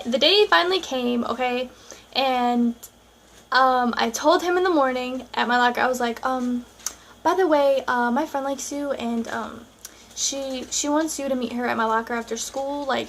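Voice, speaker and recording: A woman's voice: high-pitched, moderate pace, a bit bright, a little hiss or hum. A young woman vlogger telling a personal story in a casual, chatty way, full of "like" and acted-out dialogue.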